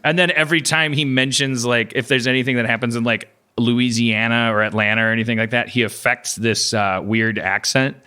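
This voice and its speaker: A man chatting on a comedy podcast, rambling and halting, with lots of restarts and fillers. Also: medium pitch, steady tone, bright, forceful tone, clean tone. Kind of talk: casual comedy podcast chat.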